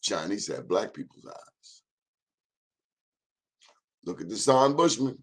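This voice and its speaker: A man's voice: lowish voice, animated, takes it slowly, breathy edge. A man in his fifties hosting an informal history talk, emphatic and repetitive, urging listeners to check the facts themselves. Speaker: host.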